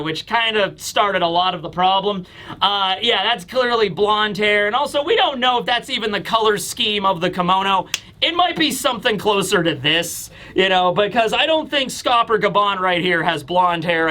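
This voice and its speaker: A man casually reviewing a manga chapter, animated and acting out scenes with voices. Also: high voice. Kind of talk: casual video commentary.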